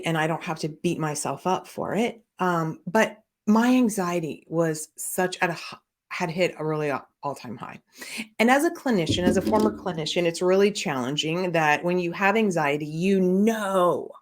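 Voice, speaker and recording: A middle-aged woman hosting a podcast, telling a personal story in a candid, rambling way with many fillers and restarts. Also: on the low side. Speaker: podcast host and business coach.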